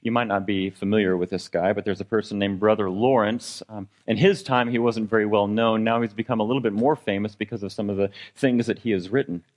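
A man's voice: fairly even intonation, fairly quick, hardly any pauses, a little mellow. Man preaching a conversational sermon. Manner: conversational preaching with congregation questions; fillers and restarts, dynamic pitch and volume. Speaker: pastor.

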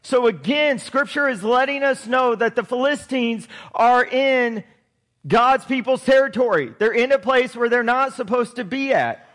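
Male pastor, high-pitched, chatty sermon delivery with asides to the congregation, recorded in a reverberant hall. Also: unhurried, fairly bright tone. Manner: conversational storytelling, chuckles, direct questions to listeners.

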